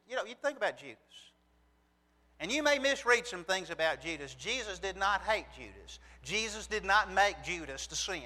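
A man's voice: sits high, pushed and bright. A man preaching a sermon. He talks earnestly, asks rhetorical questions, and reads passages of scripture aloud. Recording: long reverb from a large hall.

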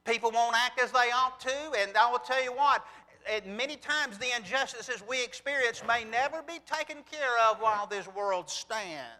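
In what sounds like a church sanctuary with a long hall reverb, a man preaches earnestly at a moderate pace. His high voice is very bright and forceful as he reads scripture aloud and raises rhetorical questions.

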